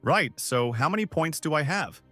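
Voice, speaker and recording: A man voicing a determined teenage boy fighter, speaking in a raised pitch with excited exclamations. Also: normal speed, soft background music. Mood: indifferent.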